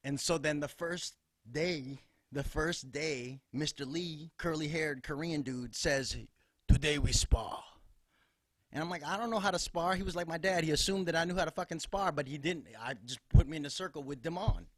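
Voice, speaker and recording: On a podcast, a Chicago-born comedian guest rambles through casual comic stories that are loose, punchy, and full of profanity. He speaks at normal speed in a slightly high voice, recorded clean in a studio with no echo.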